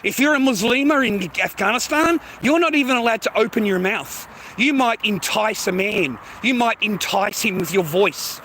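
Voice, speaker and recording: A man's voice: high-pitched, expressive, moderate pace, few pauses, a bit bright, a little hiss or hum, poor audio. A man delivering an angry, profane ranting monologue, repeating himself and tagging lines with mate and bro. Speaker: vlogger.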